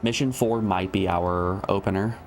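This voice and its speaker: A man's voice: low voice, moderate pace, slight background noise. A man streaming a video game, joking and thinking aloud in casual commentary.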